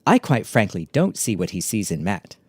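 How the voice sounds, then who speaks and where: A man's voice: fairly low pitch, big pitch swings, moderate pace, husky, no echo. A man voicing a prim, indignant young British woman with a put-on British accent.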